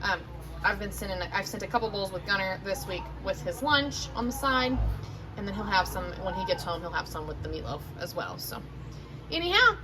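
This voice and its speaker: A woman's voice: mid-range voice, sing-song, a little fast, music in the background. A woman, chatting casually while cooking dinner in her home kitchen and filming on a handheld phone. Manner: chatty, rambling, self-correcting. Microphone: handheld phone camera.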